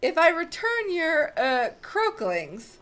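A woman's voice: very high-pitched, wildly swooping pitch, slow pace, fairly bright tone, pitched above the performer's own voice, full character voice. A woman voicing a brave, polite young girl in a video game, speaking earnestly and pleading at times.

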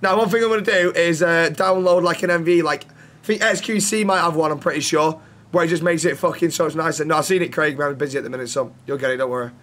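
A man chats through a game stream in a raised, slightly high voice. He swears freely and throws teasing banter at the other players. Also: fast talker, a bit bright. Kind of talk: casual game-stream chat.

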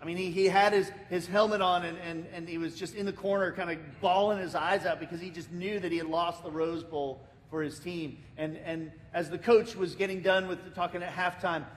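A man's voice: a little fast, hardly any pauses. An American man preaching a sermon as pastor, telling a story with lots of repeated words and restarts. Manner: lively storytelling, acting out the people in it. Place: church sanctuary. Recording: reverberant church hall, faint rumble.

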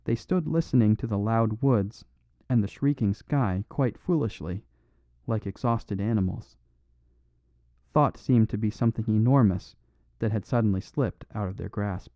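Male audiobook narrator, low and measured, dull dry studio sound. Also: mellow, no room sound.

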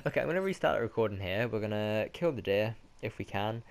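A man's voice: fairly low pitch, animated, fast, vocal fry, slight background noise. A man with a British accent giving casual let's-play commentary, rambling and correcting himself as he goes. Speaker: gaming commentator.

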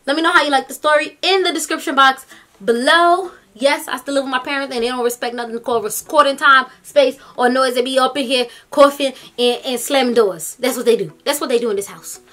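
Bright, high-voiced young woman vlogger. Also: brisk. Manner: animated, slangy, chatty. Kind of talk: casual storytelling. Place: room in her parents' home.

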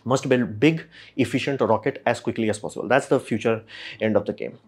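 A man, casually explaining rocket industry news as a channel host and acting out quick imagined exchanges. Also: medium pitch, husky. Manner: rapid, filler-heavy, acts out imagined dialogue.

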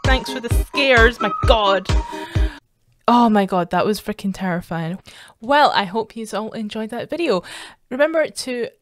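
A woman's voice: a little high, animated, unhurried, faint music behind. A young Scottish woman streaming her reactions to scary videos, swearing, screaming and laughing at the scares. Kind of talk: casual reaction commentary.

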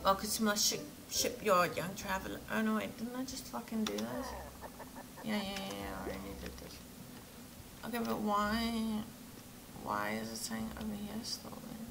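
A woman's voice: medium pitch, lively intonation, normal speed, creaky, long pauses, background noise. A woman commenting casually while playing a video game, muttering, laughing and swearing in asides. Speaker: gamer. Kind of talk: casual let's-play commentary.

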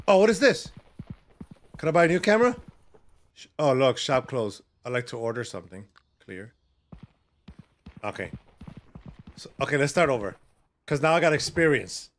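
A man streaming a horror game live, talking to his co-player and yelping and shouting in panic. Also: on the high side, a little fast, long pauses. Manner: excitable, yelps and shouts in panic. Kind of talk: live gameplay commentary.

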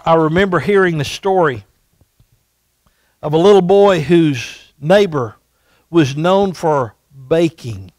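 Male pastor preaching in church. High voice, slow and emphatic delivery, dry close sound. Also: no echo. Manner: emphatic, repeats rhetorical questions. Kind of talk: sermon. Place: church sanctuary.

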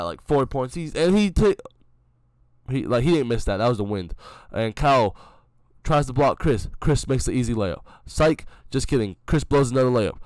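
A man's voice: mid-range voice, a little mellow, no echo, clean studio sound. Young man doing jokey self-mocking play-by-play. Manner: joking, self-mocking hype commentary. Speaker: vlogger narrating his own game footage. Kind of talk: casual play-by-play commentary.

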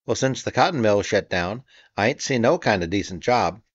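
A folksy, drawling working man, put on by a male reader. His voice sits low and dry, right on the mic. The recording is a little dull and muffled. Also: animated, moderate pace, breathy edge, no echo. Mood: earnest. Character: poor Southern man, plain-spoken.

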